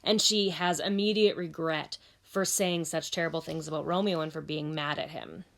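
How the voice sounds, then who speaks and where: A woman teacher explains a play scene in a casual, plain way and retells each moment for learners. Her delivery is relaxed and explanatory. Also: sits low, moderate pace, gravelly. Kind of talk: casual lesson summary.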